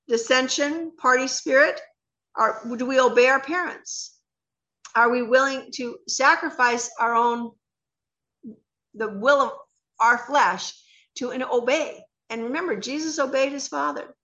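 A woman co-hosting a radio Bible show, earnestly reading scripture slowly and explaining it. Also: a little high, bright, forceful tone.

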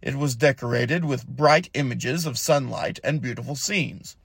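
A man reading a fantasy story as narrator, with steady, even storytelling. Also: medium pitch, normal speed, vocal fry, slightly rough, dry recording.

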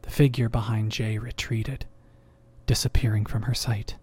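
A man narrating a horror story in a measured voice that sinks into whispers. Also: lowish voice, little pitch movement, darkish tone, husky. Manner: slow, measured, dropping to whispers.

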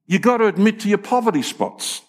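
Husky older preacher man. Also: high-pitched, lively intonation, fairly quick. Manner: folksy, emphatic storytelling with frequent restarts. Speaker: pastor. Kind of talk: sermon.

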